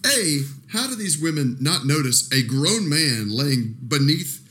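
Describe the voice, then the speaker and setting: A man co-hosting a casual movie podcast, expressive and full of restarts. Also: a little high, a little slow. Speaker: podcast co-host. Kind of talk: casual movie-review chat.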